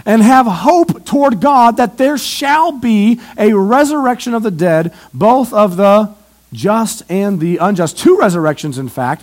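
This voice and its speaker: High-voiced man preaching a sermon. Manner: emphatic, swings from loud to hushed, asks and answers questions. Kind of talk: evangelistic sermon. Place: church.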